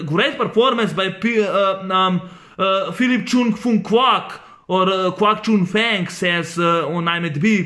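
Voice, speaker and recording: Rambling man with a bright voice. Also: high-pitched. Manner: rambling, halting, many fillers and restarts. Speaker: movie reviewer. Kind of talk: casual spoken film review.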